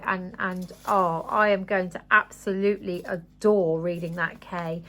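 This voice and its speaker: A woman talks her viewers through a parcel of craft goodies. Her chat is casual and full of excited gushing. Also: fairly low pitch, measured pace, hardly any pauses. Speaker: craft vlogger.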